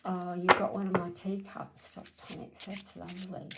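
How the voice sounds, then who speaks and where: A woman's voice: on the low side, level tone, normal speed, creaky, very noisy. A middle-aged Australian woman giving a chatty, blunt card reading on a live stream, answering viewers by name. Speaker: card reader.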